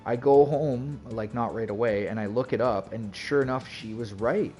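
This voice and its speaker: Over faint music, a game streamer with a medium-pitched, slightly mellow voice talks to his livestream audience at a moderate pace. He greets viewers and rambles casually, his speech peppered with "like" and "you know."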